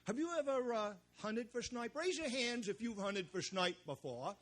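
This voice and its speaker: A man's voice: high voice, lively intonation, normal speed, fairly bright tone. A man playing a folksy woods guide. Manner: folksy, chuckling at his own jokes. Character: folksy male Maine woods guide, tall-tale teller. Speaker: storyteller. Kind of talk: live stage storytelling. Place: outdoor festival stage.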